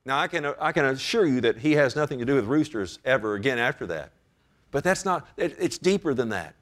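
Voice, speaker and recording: A man's voice: medium pitch, animated, a little fast, a bit bright. Impassioned male preacher. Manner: impassioned preaching with emphatic rises and direct calls to the congregation. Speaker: pastor. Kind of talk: sermon.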